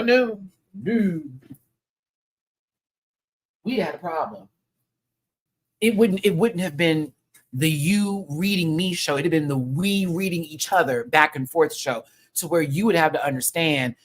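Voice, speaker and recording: A man's voice: fairly high pitch, normal speed, a bit bright. A man hosting a live review show, ranting in a sassy, heated and profane way full of slang. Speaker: show host reviewing a TV episode.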